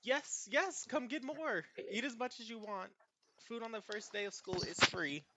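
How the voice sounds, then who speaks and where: A man's voice: very high voice, moderate pace, pushed and bright, slight background noise, voice pushed up. A man voicing a cheerful little hobbit woman who works a school food counter, sweet and doting. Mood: chirpy.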